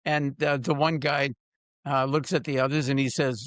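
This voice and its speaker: An older man hosting a podcast interview, talking in a halting way and often repeating words as he restarts a thought. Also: medium pitch, flat delivery, fairly bright tone, dry recording. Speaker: podcast host. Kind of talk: casual interview conversation.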